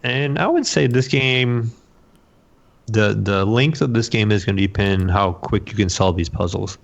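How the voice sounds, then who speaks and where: A man with a very low, deep voice chats casually on a podcast, rambling along and repeating his words. The audio is a little muffled and lo-fi. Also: unhurried, vocal fry. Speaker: podcast co-host. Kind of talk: casual chat about video games.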